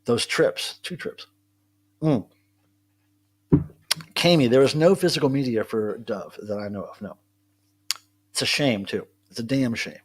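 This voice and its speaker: A man's voice: mid-range voice, measured pace, pauses often, breathy edge. A man hosting a casual live stream from home, chatting in a rambling way and answering viewers' comments. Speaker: livestream host. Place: at home with his cats.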